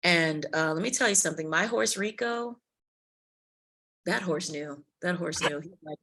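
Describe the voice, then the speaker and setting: A woman with a bright, forceful voice that sits a little low, telling stories with lively expression. She is an actress chatting casually as a guest on a podcast interview. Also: normal speed. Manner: animated, expressive storyteller.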